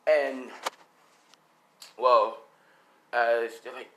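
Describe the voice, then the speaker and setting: A man's voice: mid-range voice, animated, measured pace, long pauses, very noisy. A man improvising a fan story in casual, rambling narration, full of fillers and the odd swear. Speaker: storyteller, channel host.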